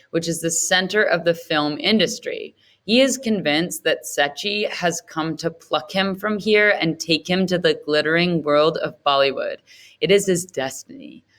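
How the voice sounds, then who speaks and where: A woman reading a novel aloud in the first person, in a measured, even storytelling manner. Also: low-pitched. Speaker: audiobook narrator.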